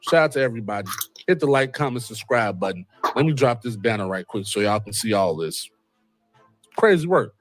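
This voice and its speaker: A man hosting a casual commentary show, animated and wry, with a repeated catchphrase and joking asides. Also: on the low side, brisk, faint music behind. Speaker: host. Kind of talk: casual commentary on a court case.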